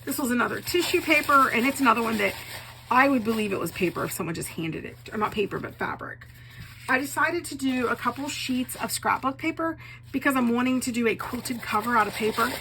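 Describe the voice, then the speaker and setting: A woman's voice: a little high, a little fast, vocal fry, poor audio. A woman showing off her handmade paper in a casual craft video, gushing with enthusiasm and a little choked up with a cough. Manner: enthusiastic, gushing, repeats praise words. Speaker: craft vlogger, bookbinder. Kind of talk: casual show-and-tell. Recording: steady background noise.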